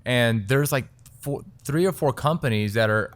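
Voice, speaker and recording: A man's voice: medium pitch, moderate pace. A man with a Texan accent, a restaurant owner and chef, talking casually as an interview guest, wry and full of "like" fillers. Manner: chatty, frequent "like" fillers, wry.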